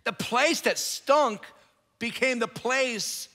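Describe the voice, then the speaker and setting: Middle-aged male pastor, bright and forceful, chatty and joking; long echo of a big church. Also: extremely high pitch, takes it slowly. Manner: conversational, joking, acts out the Bible characters. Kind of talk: sermon. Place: church sanctuary. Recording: echoey hall, long reverb.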